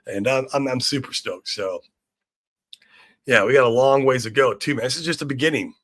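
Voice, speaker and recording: A man's voice: medium pitch, normal speed, fairly bright tone. A man hosting a casual crypto livestream, hyped and swearing freely as he greets viewers in chat. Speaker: livestream host. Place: room in Shanghai.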